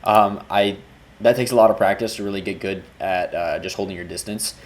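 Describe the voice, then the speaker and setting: A man's voice: deep voice, fairly even intonation, a little fast. A man, a music video director, talking loosely through a breakdown of his work and restarting his sentences as he goes. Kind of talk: casual video breakdown commentary.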